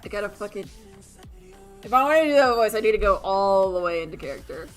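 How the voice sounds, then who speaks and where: A woman's voice: mid-range voice, expressive, fast talker, soft background music. A young woman chatting casually on a livestream, giggly and rambling with lots of fillers. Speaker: streamer and artist.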